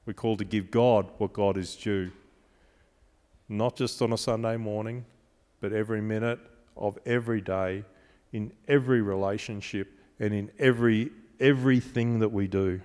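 A man's voice: on the low side, steady tone, moderate pace, a little mellow, clean tone. Preaching man in a reverberant hall. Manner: emphatic, repetitive preaching cadence. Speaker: pastor. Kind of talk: sermon.

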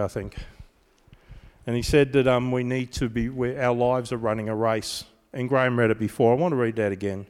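A man delivering a sermon in an animated, conversational way, telling stories to his congregation. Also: medium pitch, smooth. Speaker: preacher. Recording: reverberant hall.

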